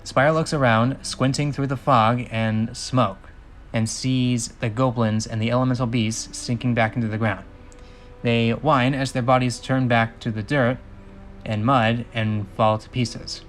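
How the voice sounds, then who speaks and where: A man's voice: medium pitch, fairly even intonation, measured pace, slight background noise. A man reading a film script aloud as a channel host, with dry sarcastic asides.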